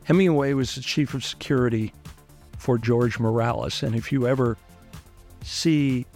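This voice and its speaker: A man's voice: mid-range voice, darkish tone. A man, a lawyer, telling his own story in an interview and acting out other people's lines with animation.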